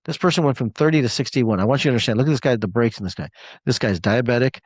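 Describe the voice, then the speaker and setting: A man's voice: medium pitch, rapid-fire, no room sound. A man in his forties giving a motivational webinar talk. He is emphatic and repeats key words for weight. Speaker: motivational speaker.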